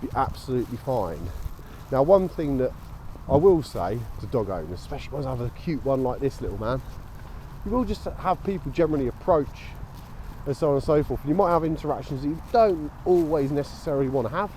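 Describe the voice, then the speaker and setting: A man's voice: medium pitch, lively intonation, fairly quick, dark tone. An English man vlogging casually while walking his dog, chatty and matter-of-fact. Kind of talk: casual walking vlog narration. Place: outdoors, park, canal path and high street. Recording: outdoor street noise behind.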